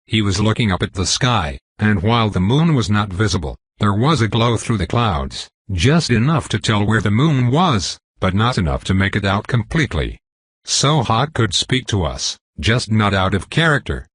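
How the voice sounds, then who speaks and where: Husky guy reading an audiobook, lowish voice, steady, dry sound. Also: moderate pace, no echo. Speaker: audiobook narrator. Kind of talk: first-person audiobook narration.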